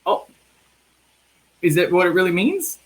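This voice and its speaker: Over a roughly recorded video call, a man from the American Midwest hosts a relaxed live interview, joking and frequently restarting phrases. He speaks in a high pitch, very animated and a little slow.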